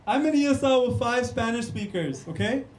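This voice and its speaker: A man's voice: very high-pitched, expressive, normal speed. A young man, doing a punchy stand-up comedy set on a club stage and talking straight to the crowd. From Canada. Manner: punchy, keeps calling the crowd "guys" and "man". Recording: echoey room.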